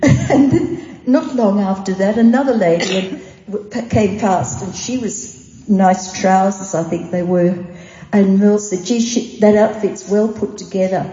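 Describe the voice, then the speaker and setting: A woman's voice: mid-range voice, a little slow, warm tone. An older Australian woman chatting and telling stories, chuckling and getting a little emotional as she talks. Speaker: guest sharing testimonies. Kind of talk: casual storytelling. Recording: dull echoey hall audio.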